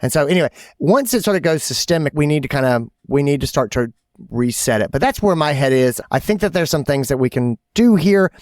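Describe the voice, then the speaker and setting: A man's voice: on the high side, animated, a little fast, a little mellow, no room sound, studio quality. A middle-aged man co-hosting a podcast in casual chat, telling a story and acting out his own quotes with energy. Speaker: podcast co-host.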